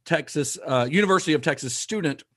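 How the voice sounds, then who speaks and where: A man co-hosting a podcast, retelling researched history in a casual, steady way with dry asides. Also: fairly high pitch, fast. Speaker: podcast co-host.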